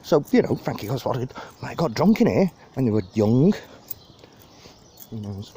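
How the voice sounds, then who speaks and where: Mellow-voiced man rambling outdoors. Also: mid-range voice, sing-song, moderate pace, slight background noise. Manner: rambling, chatty, laughs at own jokes. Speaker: vlogger giving a park tour. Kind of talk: casual walking tour narration. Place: outdoors in a city park. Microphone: phone held while walking.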